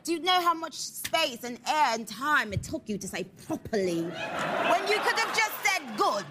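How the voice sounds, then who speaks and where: Sassy high-voiced woman guest. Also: moderate pace. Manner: animated, sassy. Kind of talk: comedic talk show banter. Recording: studio audience laughter and noise.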